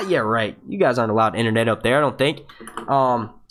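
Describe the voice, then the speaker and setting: A man's voice: medium pitch, big pitch swings, fairly bright tone. Hyped, profane young man streaming live. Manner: profane, hyped, urges viewers to like; halting, stutters and restarts. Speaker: livestream host. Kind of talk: casual live-stream chat.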